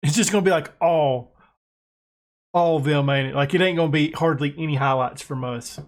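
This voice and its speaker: American guy, gaming commentary, excitable, self-mocking, a bit high-voiced. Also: moderate pace. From United States. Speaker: gaming YouTuber. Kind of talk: casual gameplay commentary.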